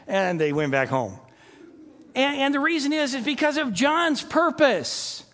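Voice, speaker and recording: A preacher delivering a sermon at an unhurried pace. The pitch rises and falls widely as the preacher reads scripture, then shifts into a conversational explanation that acts out the scenes. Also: a bit bright. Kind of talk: sermon with Bible reading.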